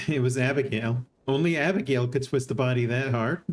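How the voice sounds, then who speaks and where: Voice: mid-range voice, moderate pace. Streamer reading a game story aloud. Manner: reads narration evenly and breaks in with surprised laughing asides. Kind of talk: reading a text adventure aloud with live reactions.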